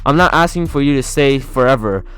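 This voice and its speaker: An older woman leader of a village in a fan story, pleading earnestly, as a man voices her. The voice stays smooth and mid-pitched, with a hint of lift. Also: a little fast, fairly bright tone, soft background music, natural voice.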